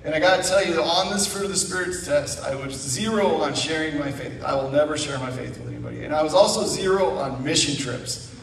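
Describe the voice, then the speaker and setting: A middle-aged man telling his testimony as a guest speaker at church, animated with asides. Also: a little high, a little fast, a little hiss or hum. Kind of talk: personal testimony. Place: church sanctuary. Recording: echoey room, mic far off.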